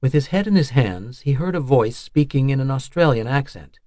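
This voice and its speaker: A man reading a nonfiction audiobook in a measured, even narration style. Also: mid-range voice, no echo, clean studio sound.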